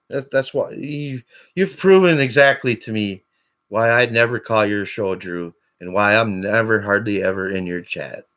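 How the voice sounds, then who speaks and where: A man on a call-in show, ranting angrily and swearing constantly, his voice climbing toward shouts. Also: on the low side, normal speed. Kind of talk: angry profane rant.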